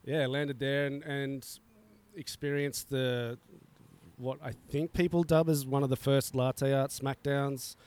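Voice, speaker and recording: Smooth-voiced man chatting easily outdoors. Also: mid-range voice, little pitch movement, a little slow, a little mellow. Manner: laid-back, chuckling, many fillers. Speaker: coffee roaster guest. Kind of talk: casual podcast chat.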